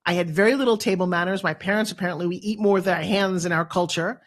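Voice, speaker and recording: A woman in her fifties, a motivational speaker, telling a personal story as a talk show guest with dramatic, animated delivery. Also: on the low side, fast talker. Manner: animated, dramatic storyteller who acts out quotes.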